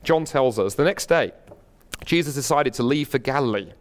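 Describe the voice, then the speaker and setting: British male lecturer, earnest, animated, restarts often, packed lecture hall, mid-pitched voice. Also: brisk. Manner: earnest, animated storyteller with many fillers and restarts. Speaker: guest lecturer. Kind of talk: university lecture.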